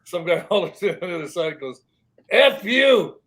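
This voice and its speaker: A man chatting on a podcast with a somewhat higher voice than most men. He is blunt and joking, and he laughs as he retells stories. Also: a little fast. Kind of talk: casual chat.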